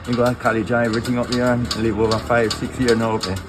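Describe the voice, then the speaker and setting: A man speaking Jamaican Patois, telling animated stories about his family in a casual street interview. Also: mid-range voice, fast talker, background noise.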